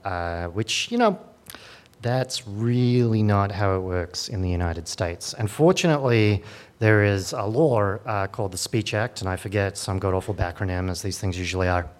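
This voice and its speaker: A man's voice: fairly low pitch, moderate pace. A man, a lawyer, giving a conference talk in a dry, sardonic way with many fillers and restarts. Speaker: lawyer at a digital rights group.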